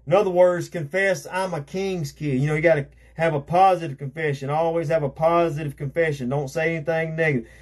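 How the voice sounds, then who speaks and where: Husky man preaching. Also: on the high side, fairly even intonation, quick pace, hardly any pauses. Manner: conversational, repeats himself, frequent "you know". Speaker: evangelist preacher. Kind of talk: sermon.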